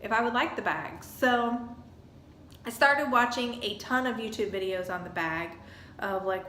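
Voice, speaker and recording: A woman's voice: mid-range voice, a bit bright, slight background noise. Chatty woman telling a story. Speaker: vlogger. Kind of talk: casual storytelling review. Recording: echoey room with faint ambience.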